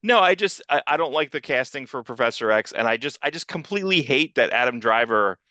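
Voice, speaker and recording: A man co-hosts a comics podcast in loose, profane, rambling chat and acts out the people he quotes. His voice is bright and forceful. It sits dry and close to the mic. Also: medium pitch, lively intonation, fairly quick, no room sound. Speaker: podcast co-host and producer.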